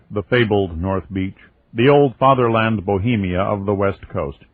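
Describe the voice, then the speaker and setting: A man reading a first-person novel aloud as an audiobook, in a steady, wry storytelling manner. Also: lowish voice, dry recording. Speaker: audiobook narrator. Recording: tinny lo-fi phone-like audio.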